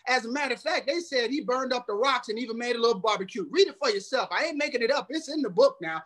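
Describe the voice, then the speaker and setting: A man's voice: very high voice, fast, a bit bright. A man preaching a sermon in a folksy, humorous way, speaking straight to the congregation, hot and sweating. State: sweating from the heat.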